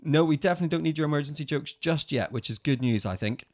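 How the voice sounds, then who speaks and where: A man's voice: fairly high pitch, fast talker, darkish tone, slight background noise. A man hosting a casual family podcast, cheerful and playful as he reads out jokes. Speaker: podcast host.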